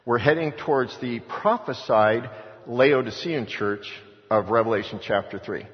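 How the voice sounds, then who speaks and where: A man's voice: mid-range voice, measured pace. Preaching man in an echoey hall. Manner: storytelling with acted-out voices of others; exhorting, emphatic repetition. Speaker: pastor. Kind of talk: sermon. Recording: echoey hall, dull lo-fi sound.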